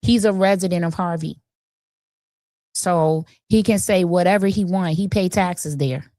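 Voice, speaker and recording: A woman's voice: lowish voice, a little slow, dark tone, dry recording. A woman hosting a livestream, commenting bluntly and casually on a city council meeting. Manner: blunt, conversational, opinionated. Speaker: livestream host.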